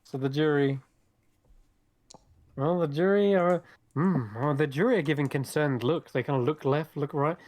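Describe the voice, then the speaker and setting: A man narrating as game master in an online tabletop game, pausing often with fillers as he describes scenes. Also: a little high, darkish tone. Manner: hesitant narration with many fillers.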